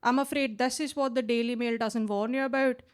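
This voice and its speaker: A woman's voice: fairly high pitch, fairly even intonation, fairly quick, clear, resonant tone. A woman in her late twenties from India with a twang, doing a chatty stand-up set on a club stage mic. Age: late 20s. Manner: chatty, tags lines with "right?". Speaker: stand-up comedian. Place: basement comedy club.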